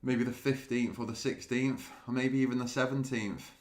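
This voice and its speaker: A man's voice: mid-range voice, flat delivery, normal speed, darkish tone, reverberant. A man chatting casually with viewers on a live stream, laughing often and restarting his sentences. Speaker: day trading streamer.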